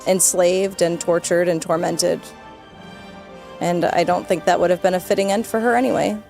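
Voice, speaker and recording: A woman's voice: lowish voice, steady tone, moderate pace, vocal fry, darkish tone, soft background music. A young woman streaming a game, commenting casually, swearing, giggling, and getting emotional.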